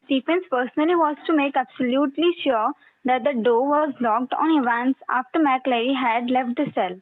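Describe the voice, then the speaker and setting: A woman's voice: sits high, normal speed, dry recording. A female student, reading a textbook aloud for her class with care. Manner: careful, steady reading. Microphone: online class call. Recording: tinny dry call audio.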